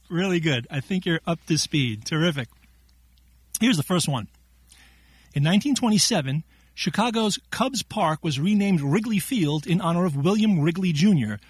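A man's voice: a little high, normal speed, husky, no echo. A man running a playful word quiz, joking and laughing often as he reads the questions. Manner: jokey, laughs often, animated delivery. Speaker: quiz segment contributor.

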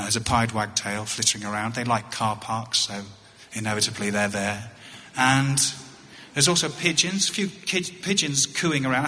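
A middle-aged English man telling a wry story on stage as a touring comedian, halting and often repeating his words. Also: mid-range voice, noisy background. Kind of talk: storytelling stand-up. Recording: echoey hall.

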